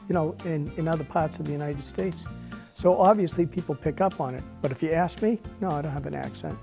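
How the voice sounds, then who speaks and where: A man's voice: a little high, quick pace, gravelly, mellow, faint music behind. A man with a Merrimack Valley accent chatting casually in an interview.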